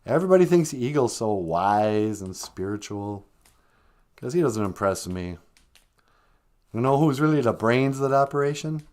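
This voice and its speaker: A man's voice: expressive, moderate pace, darkish tone, lightly acted. A man voicing a chatty, gossipy male skunk who scoffs at the others. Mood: scoffing. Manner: high, eager and dismissive of others.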